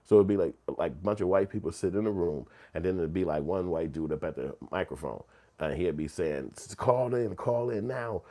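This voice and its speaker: A middle-aged man, telling casual, profane, animated stories as a commentary host. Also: sits low, fairly quick. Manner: animated storytelling, swearing and slang.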